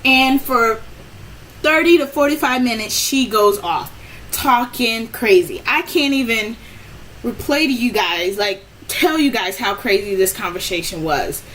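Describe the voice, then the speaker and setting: A woman telling a personal story in a casual storytime vlog, animated and rambling with many restarts, her voice jumping up when she relives the frustration. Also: on the high side, measured pace, slight background noise, rough recording. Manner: rambling with frequent restarts and "I'm like".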